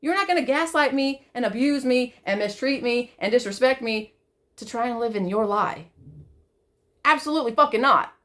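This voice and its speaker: A woman speaking in a fairly high voice in a raw, emotional vlog monologue. She curses freely and repeats phrases over and over, shifting between loud outbursts and hushed, gentle reassurance. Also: animated, moderate pace. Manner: swears often, repeats herself, swings from loud to soft. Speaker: vlogger.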